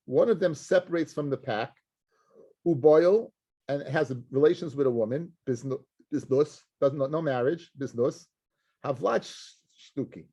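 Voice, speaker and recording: A middle-aged rabbi teaching a Talmud class, talking animatedly and slipping between English and Hebrew and Aramaic terms. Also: male voice, mid-range voice, dark tone, slightly rough.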